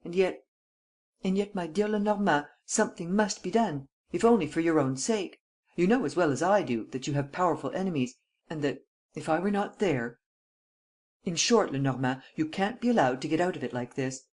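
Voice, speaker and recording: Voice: medium pitch, expressive, moderate pace, darkish tone, natural voice. An audiobook narrator reading the lines of an impatient, demanding French prime minister in a brusque, insistent way.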